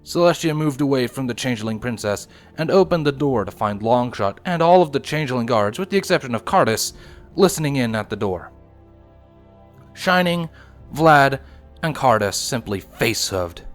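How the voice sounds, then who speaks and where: A man narrating a fan story aloud in a steady, expressive reading. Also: mid-range voice, moderate pace, soft background music. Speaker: reader, narrator. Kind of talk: fanfiction audiobook reading.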